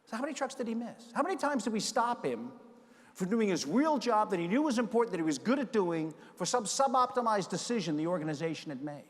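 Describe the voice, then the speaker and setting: An older man from the United States giving a storytelling keynote speech, animated and acting out the voices in his stories. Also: sits high, fast talker. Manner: animated, acts out quoted voices. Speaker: keynote speaker. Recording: long reverb of a large hall.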